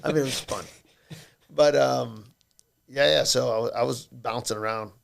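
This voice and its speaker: A man in his thirties sits in as a guest on a studio podcast. His speech rambles, is peppered with profanity and cracks jokes. His voice has a gravelly, fry-laden edge at a middling pitch. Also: steady tone, moderate pace. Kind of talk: casual podcast chat.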